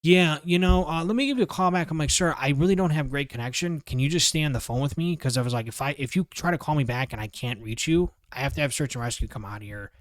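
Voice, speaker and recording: A man's voice: medium pitch, fast, hardly any pauses, dry recording. A young man co-hosting a podcast, telling a story in casual, profane chat and acting out the other people's lines. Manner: animated storyteller, swears a lot, acts out voices of others. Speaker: podcast co-host.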